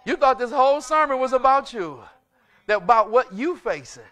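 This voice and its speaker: A male pastor preaching a sermon, driving it with repeated rhetorical questions, call-and-response, and sudden shouts. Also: extremely high pitch, animated, moderate pace.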